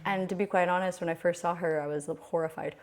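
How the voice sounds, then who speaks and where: Low gravelly woman, candid and reflective. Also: steady tone, fast talker, a little mellow. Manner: candid, reflective, many restarts. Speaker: guest sharing her birth story. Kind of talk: conversational storytelling.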